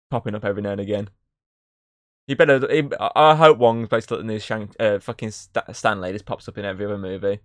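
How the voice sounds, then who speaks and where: A man chatting casually on a podcast about a film he saw, retelling scenes with lots of swearing and quick acted-out quotes. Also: lowish voice, dry recording, clean studio sound. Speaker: podcast co-host.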